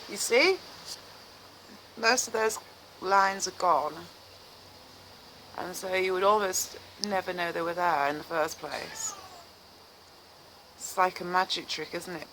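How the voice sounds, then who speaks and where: A woman's voice: fairly low pitch, a bit bright, a little hiss or hum, rough recording. A woman filming herself in her garden in winter, chatting casually to the camera and coaxing her cat in a cooing, sing-song voice. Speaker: vlogger. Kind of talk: casual vlog chat to camera. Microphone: handheld camera filming herself.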